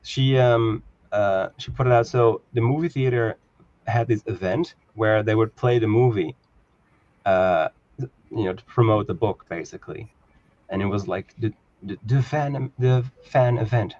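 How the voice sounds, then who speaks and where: Low-voiced man telling a rambling story. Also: unhurried, a little mellow, dry recording, lo-fi sound. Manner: rambling storyteller, laughs often. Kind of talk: casual chat.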